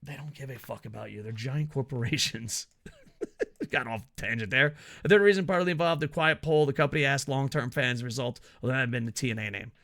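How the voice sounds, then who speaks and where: A man's voice: mid-range voice, brisk, fairly bright tone. A man giving casual, profane, sarcastic commentary on wrestling news.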